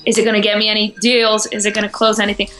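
A woman's voice: mid-range voice, completely flat delivery, rapid-fire, fairly bright tone, soft background music, rough recording. A woman guest in an interview, speaking confidently and casually, often laughing.

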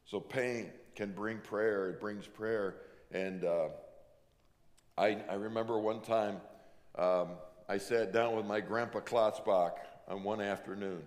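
A male pastor giving a sermon, emphatic, slowing down to drive home each point. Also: lowish voice, fairly even intonation, long reverb tail. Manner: emphatic preaching, slows down to stress points.

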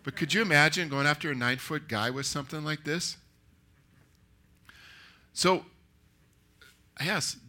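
Bright-voiced man preaching a story. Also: a little high, unhurried, long pauses. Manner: animated, acts out the characters. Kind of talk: storytelling sermon. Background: live audience.

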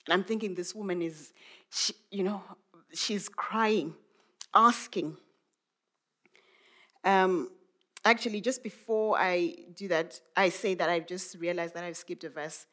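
A woman's voice: lowish voice, unhurried, pauses often, fairly bright tone. A woman, a mother, preaching a sermon in a reflective way, musing aloud with many rhetorical questions. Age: adult mother.

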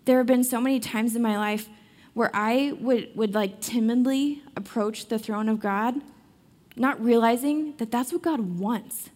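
A woman's voice: fairly high pitch, a little slow, darkish tone. Chatty young woman giving a devotional. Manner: chatty, many "like" fillers and restarts. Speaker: Bible study speaker. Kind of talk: casual devotional talk.

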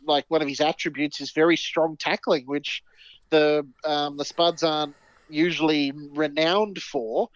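A man's voice: a little high, dry recording, lo-fi sound. An Australian man co-hosting a podcast, bantering in a jokey, rambling way. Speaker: podcast co-host. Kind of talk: casual chat.

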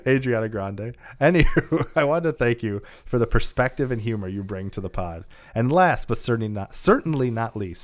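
A man co-hosting a casual gaming podcast, reading listener mail aloud and laughing often. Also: fairly low pitch. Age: adult father of a young child. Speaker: podcast co-host.

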